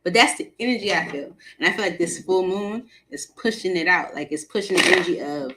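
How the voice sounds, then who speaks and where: A woman hosting a live tarot stream, chatting casually with viewers, animated and laughing often, with features. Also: on the low side, fairly quick, very noisy. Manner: animated, laughs often, talks to the chat directly.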